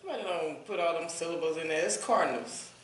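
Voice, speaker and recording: A man co-hosting a casual podcast, teasing his partner with quick interjections. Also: on the high side, reverberant. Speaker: podcast co-host. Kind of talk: casual chat.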